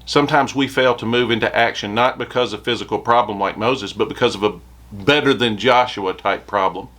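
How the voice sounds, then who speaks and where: A man's voice: fairly low pitch, a little fast, a bit bright. A man preaching a short devotional sermon, reading scripture aloud with rising emphasis.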